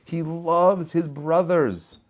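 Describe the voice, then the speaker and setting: A rabbi giving a short inspirational Torah talk over a video call, telling the story with rhetorical questions and frequent "right?" and "okay?". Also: male voice, on the high side, takes it slowly, darkish tone. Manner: peppers speech with "right?" and "okay?".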